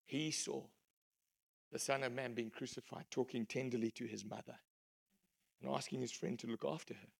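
Gravelly preacher. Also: male voice, mid-range voice, fairly even intonation, normal speed, pauses often. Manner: emphatic storytelling, swings between loud and hushed. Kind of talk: sermon.

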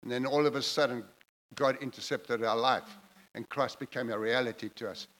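A man's voice: medium pitch, steady tone, normal speed, fairly bright tone, low-quality recording. A man preaching a sermon, emphatic and repetitive, building his phrases in intensity as he goes.

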